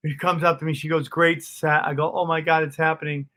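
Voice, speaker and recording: A middle-aged man, a comedian guest, telling stories in a casual interview, animated and swearing freely, calling people dude and bro. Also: a little high, fast talker.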